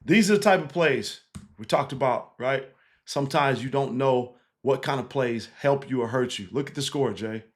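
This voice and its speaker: A man, a basketball coach, casually breaking down game film, animated and laughing easily, tagging points with 'right?'. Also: mid-range voice, normal speed. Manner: animated, keeps checking in with 'right?' and 'again'; laughs easily while explaining.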